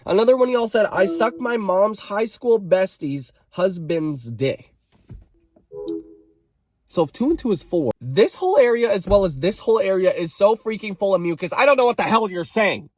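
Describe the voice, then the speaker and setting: A young man with a bright, high speaking voice runs a comedic storytime, reading viewers' stories aloud and breaking in with sassy asides and mock outrage. The recording is close and dry, with no room sound around him. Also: lively intonation, fast talker, few pauses, dry recording, faint music behind. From Canada. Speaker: storytime creator.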